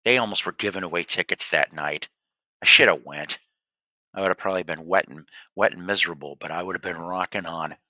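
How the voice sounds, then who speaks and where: A man with a low, very bright voice hosts a record show, chatting casually between songs. He rambles and restarts his phrases as he goes. The sound is dry and close. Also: brisk, no echo.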